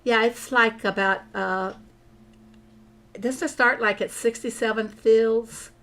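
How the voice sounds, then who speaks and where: Slow-talking chatty woman streamer. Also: fairly high pitch, steady tone, a bit bright. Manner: chatty, thinks aloud, answers viewers. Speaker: mobile farming game streamer. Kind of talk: casual gameplay commentary.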